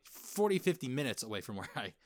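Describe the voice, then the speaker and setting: A man from Wisconsin talks eagerly on a podcast, restarting his sentences as his thoughts run ahead. His voice sits at a middle pitch. The recording is close and dry. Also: big pitch swings, fast, no room sound. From Wisconsin, USA. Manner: eager, stumbling restarts, playful. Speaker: podcast co-host. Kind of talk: casual podcast chat.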